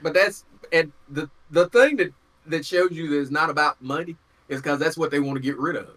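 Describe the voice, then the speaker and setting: A man's voice: on the high side, fairly quick, fairly bright tone. A man co-hosting a podcast in casual chat, talking bluntly and heatedly with plenty of swearing. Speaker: podcast co-host.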